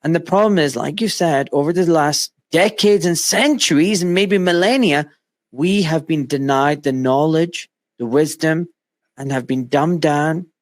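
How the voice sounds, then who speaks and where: Man, middle-aged, host, emphatic storyteller, slightly high voice, home studio. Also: measured pace. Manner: animated, emphatic storytelling with acted-out quotes. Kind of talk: casual interview chat.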